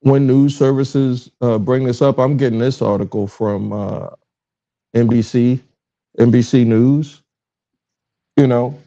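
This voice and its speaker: Southern podcast host, middle-aged, solo livestream; gravelly mellow voice, rambling and self-interrupting delivery, slightly dull audio. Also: male voice, medium pitch, fairly even intonation, a little slow, pauses often. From Richmond, Virginia. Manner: rambling, self-interrupting, fumbles with his stream setup. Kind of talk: casual solo livestream talk. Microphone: livestream with phone recording.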